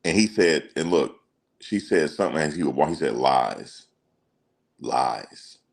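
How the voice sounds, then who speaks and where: A man with a very deep voice hosts casual celebrity news commentary at a brisk pace. He is emphatic and slangy, repeating his points as the channel's host.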